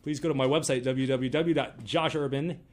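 A man's voice: mid-range voice, fairly even intonation, moderate pace, darkish tone. A man, a singer-songwriter guest on a radio show, chatting casually and joking as he plugs his music in a studio. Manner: jokey, upbeat and self-promoting. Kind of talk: casual radio interview chat.

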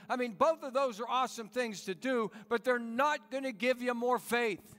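High-voiced preacher in a reverberant hall. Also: male voice, normal speed, a bit bright. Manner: earnest, pleading, rhetorical questions. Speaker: pastor. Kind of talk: sermon.

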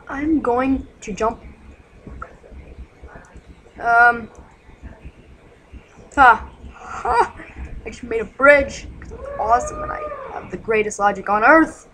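A woman giving casual gameplay commentary at home, excitable and jittery, yelling insults at game monsters. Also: high voice, poor audio. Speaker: gaming channel host.

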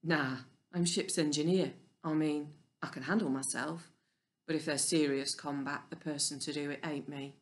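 A woman's voice: low-pitched, fairly even intonation, normal speed. A woman voicing an easygoing horned male alien who works as a ship's engineer, talking in a laid-back, slangy way.

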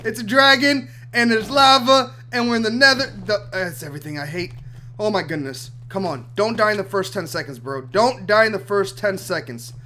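A young man runs a gaming channel, narrating his play with excitement and lurching from loud outbursts to quiet, mumbled asides. His voice sits high, and there's a slight hiss or hum.

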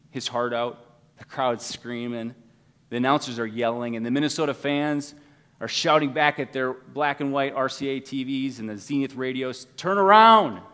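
Impassioned male preacher in reverberant hall. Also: mid-range voice. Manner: impassioned preaching, swings from loud urging to hushed. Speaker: pastor. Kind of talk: sermon. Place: church sanctuary.

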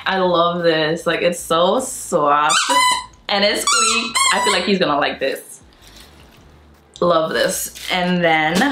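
A woman's voice: on the low side, echoey room, background noise. Chatty young woman gushing to her viewers. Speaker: vlogger. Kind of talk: casual haul vlog chat.

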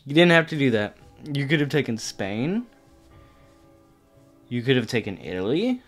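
A man's voice: medium pitch, very animated, normal speed, soft background music. A man commentating on his own gameplay, exasperated and swearing casually as he talks straight to the opponents on screen. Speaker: gaming channel host.

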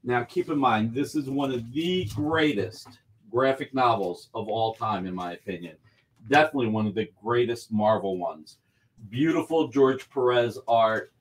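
A man running a live comic book auction over a video call, pitching books with enthusiasm and urging bidders on. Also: lively intonation, moderate pace. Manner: enthusiastic, pushes bidders along. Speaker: guest auctioneer.

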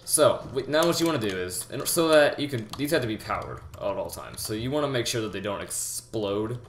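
A young man giving a rambling, halting game tutorial, full of fillers and restarts, talking as if out of breath. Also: on the low side, lively intonation. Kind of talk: casual gameplay tutorial. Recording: echoey room with loud background noise. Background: keyboard typing and mouse clicks.

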